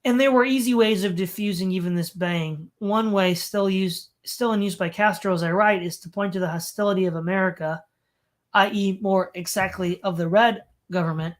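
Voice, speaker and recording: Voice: mid-range voice, fairly even intonation, moderate pace. A stream host reading a text aloud on a home mic, breaking off for sarcastic asides and commentary. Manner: sarcastic asides between read passages.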